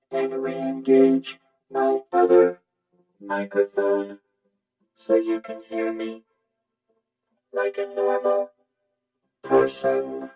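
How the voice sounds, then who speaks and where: A man's voice: mid-range voice, vocal fry, low-quality recording. A man demonstrating a vocoder in his home basement studio, rambling and thinking aloud through a robotic vocoder voice. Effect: vocoder robot voice played from a keyboard. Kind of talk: casual gear demo. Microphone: separate small vocoder mic. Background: synth chords from his keyboard.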